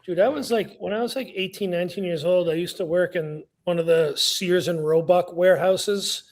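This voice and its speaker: A man in his thirties on a casual podcast, telling animated stories with lots of swearing. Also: high-pitched, normal speed. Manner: animated, swearing, laughs between lines. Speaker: podcast co-host.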